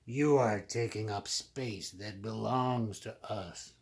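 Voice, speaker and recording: A big, bossy storybook snake who orders others out of his way, speaking gruffly and slowly, as a man reading aloud puts him on. His voice is low and commanding. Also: a little hiss or hum.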